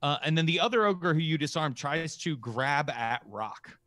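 A man's voice: on the high side, normal speed, sharp tone, no echo, clean studio sound. A man running a tabletop game as game master, narrating the action casually with many fillers.

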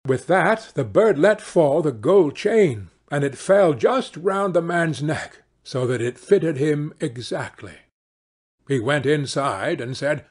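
A man narrating a fairy-tale audiobook in a slow, deliberate reading. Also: on the high side, expressive, husky. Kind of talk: audiobook storytelling.

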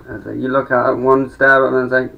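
A man's voice: medium pitch, completely flat delivery, brisk, vocal fry, slight background noise. A young man rambling through a sweary stand-up monologue with mumbled asides. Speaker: amateur comedian. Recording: dull lo-fi home recording.

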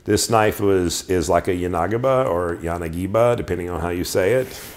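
A man's voice: sits low, fairly even intonation, moderate pace. A middle-aged man casually showing off his knives, enthusiastic and rambling, often restarting his sentences. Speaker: knife collector reviewing knives. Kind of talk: casual show-and-tell.

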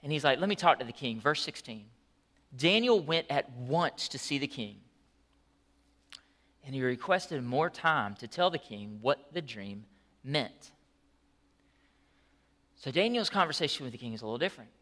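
A man preaching a sermon as pastor, telling the story in an animated, conversational way with asides. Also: mid-range voice, unhurried, pauses often.

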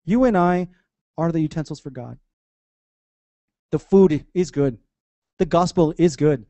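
A man preaching a sermon in church, conversational and animated, with playful asides to the congregation. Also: a little high, a little slow, no room sound. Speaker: pastor.

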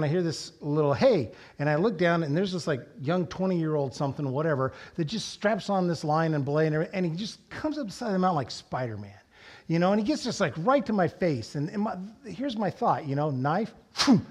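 A middle-aged male pastor preaching from the pulpit, his fairly high voice swinging between quiet reflection and loud, excited storytelling. He leans into anecdotes and punches key words for emphasis. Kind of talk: sermon. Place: church sanctuary.

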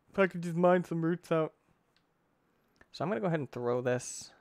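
A young man giving excitable let's play commentary, talking to himself, exclaiming and using mild cursing substitutes. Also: high voice, normal speed, no echo, studio quality. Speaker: gaming YouTuber.

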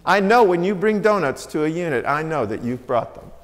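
Man, pastor, sermon, high voice, long church reverb, storytelling with acted-out quotes. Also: expressive, a little fast. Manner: storytelling, acts out quoted lines with shifting pitch and volume. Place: church sanctuary.

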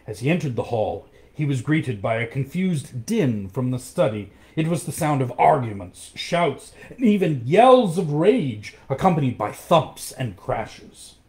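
A man reading a storybook aloud, expressive and acting out each character. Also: medium pitch, unhurried, few pauses.

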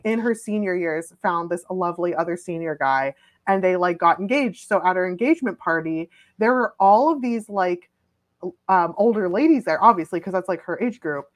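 A young adult woman telling funny personal stories in a casual, animated chat, full of "like" fillers. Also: fairly low pitch. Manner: chatty, filler-heavy, animated.

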